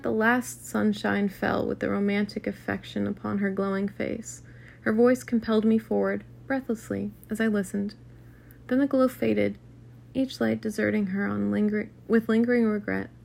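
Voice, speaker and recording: A woman's voice: mid-range voice, gravelly, a little mellow. A woman reading a classic novel aloud in a casual, unpolished way, with occasional restarts and asides. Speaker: reader.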